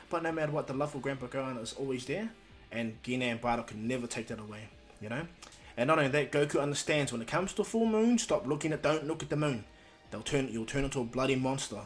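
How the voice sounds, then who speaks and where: A man casually telling a fan-made story, rambling with lots of fillers. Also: fairly high pitch.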